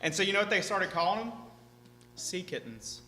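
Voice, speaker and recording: Male seminar speaker, high-ish bright voice, chatty and animated, long hall echo. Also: moderate pace. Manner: animated, chatty, keeps asking "right?". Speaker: speaker teaching a seminar audience. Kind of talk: lively seminar talk to an audience. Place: large hall with an audience. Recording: echoey hall, faint hum.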